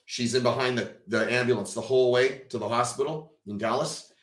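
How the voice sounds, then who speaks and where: A man, a podcast guest, telling a personal story with emotion and acting out the dialogue, swinging from hushed to loud. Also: mid-range voice, fairly even intonation, brisk, roomy sound. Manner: vivid storyteller who acts out quoted dialogue.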